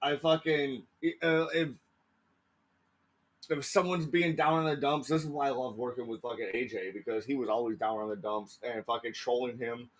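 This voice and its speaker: A man's voice: medium pitch, fairly even intonation, normal speed, low-quality recording. A man co-hosting a podcast, swearing a lot and laughing often while he tells loose workplace stories. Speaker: podcast co-host. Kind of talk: casual crude banter.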